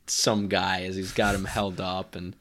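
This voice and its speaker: A young man co-hosting a podcast in casual chat, animated and swearing freely as he reminisces. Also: sits low, a little slow, a little hiss or hum. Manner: animated, swears casually, does movie voice impressions. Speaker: podcast co-host.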